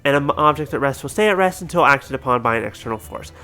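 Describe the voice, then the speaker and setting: A man's voice: mid-range voice, expressive, fast talker, pushed and bright. A man voicing a polite, knowledgeable young female assistant who explains things earnestly. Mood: explaining.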